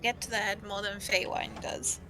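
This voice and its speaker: A woman's voice: mid-range voice, little pitch movement, moderate pace, background noise. A woman playing a tabletop game, speaking boldly and bluntly in character. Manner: bold, blunt, outspoken. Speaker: player.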